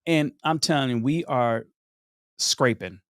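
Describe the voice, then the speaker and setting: Unhurried and clear, with a resonant tone, a man in his thirties narrates his story as a guest on a podcast. He's animated, voicing the different people he describes in this conversational storytelling. His mid-range pitch comes through in clean studio sound without echo.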